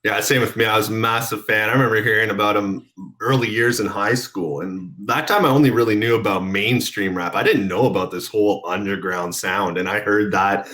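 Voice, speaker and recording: A male radio host with a very low voice and a bright, forceful edge to it. He talks in an easygoing, fan-like way, keen and animated about the music he loves. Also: brisk. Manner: enthusiastic, speaks as an excited fan. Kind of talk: casual radio interview chat.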